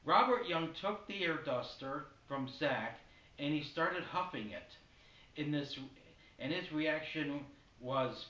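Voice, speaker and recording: A man tells a spoken-word story in a flat, matter-of-fact way. His voice is fairly high with a bright edge. It is heard from a distance in an echoey room. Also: takes it slowly.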